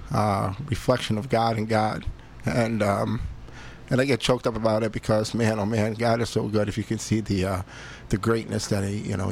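A man's voice: on the low side, creaky, a little hiss or hum. A middle-aged father giving a personal faith testimony, rambling and emotional, with many fillers and restarts.

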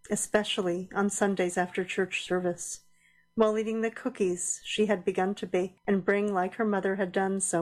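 A woman narrating a radio drama in a measured, deliberate storytelling voice. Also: medium pitch, a little mellow. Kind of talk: scripted audio-drama narration.

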